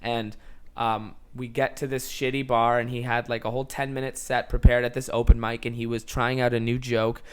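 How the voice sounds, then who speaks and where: A young man in his twenties tells a story on a podcast in loose, casual chat. He is animated and quick to laugh, swears freely, and speaks in an ordinary, mid-pitched voice. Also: clear, resonant tone. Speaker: podcast guest.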